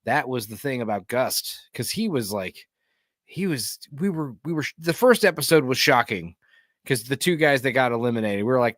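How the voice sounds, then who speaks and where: A man's voice: medium pitch, moderate pace, no room sound, studio quality. A man hosting a podcast, riffing casually and jokingly with lots of fillers while watching a reality show. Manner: animated, joking, rambling with fillers. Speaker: podcast host.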